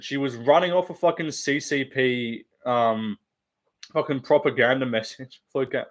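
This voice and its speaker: A man's voice: mid-range voice, moderate pace. A young man rambling casually and profanely on a live stream, laughing often and reading chat.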